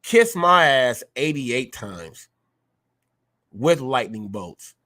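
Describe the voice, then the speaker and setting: A man's voice: medium pitch, big pitch swings, drawn-out words, pushed and bright. A man hosting his own live show, ranting combatively at viewers and repeating phrases for emphasis. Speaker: live-stream show host. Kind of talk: heated live-stream rant.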